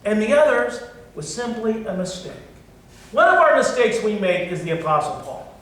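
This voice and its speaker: Blunt preacher in an echoey church. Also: male voice, sits high, sing-song, moderate pace. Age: middle-aged. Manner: blunt, swings from loud to soft. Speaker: pastor. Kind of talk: sermon. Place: church sanctuary. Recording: echoey hall from far off.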